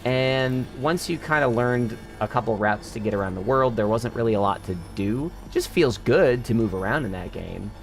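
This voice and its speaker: A man's voice: medium pitch, expressive, moderate pace, few pauses, faint music behind. A man streaming a video game, chatting casually and swearing freely with friends and viewers. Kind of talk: casual live-stream chat while gaming.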